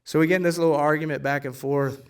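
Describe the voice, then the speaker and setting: A man's voice: a little high, steady tone, fast, clean tone. Man in his forties, live stage storytelling, casual and blunt, swears, voice from a distance off the mic. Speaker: guest speaker sharing a recovery story. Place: theater stage before an audience.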